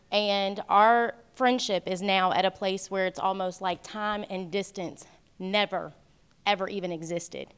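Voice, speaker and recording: A woman's voice: mid-range voice, clear, resonant tone. A woman giving a heartfelt, earnest wedding toast as the bride's best friend, speaking at a wedding reception. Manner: heartfelt, earnest, faith-filled speech.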